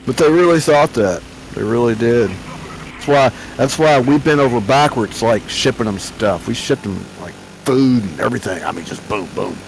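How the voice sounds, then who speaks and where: A man's voice: mid-range voice, animated, normal speed, slight background noise, rough recording. A man of about seventy hosting a flight-sim stream, chatting casually in a rambling, joking way with many restarts. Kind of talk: casual chat.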